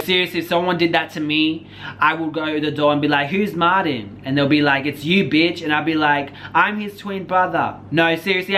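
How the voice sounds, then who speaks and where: A man's voice: on the high side, fairly bright tone, a little hiss or hum. Blunt, profane male drama commentator. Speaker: host of a drama commentary channel.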